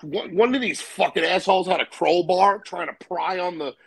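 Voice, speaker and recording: A man's voice: sits high, normal speed, vocal fry, husky. A man telling a profane, rambling story in casual chat. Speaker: storyteller guest. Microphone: live stream call.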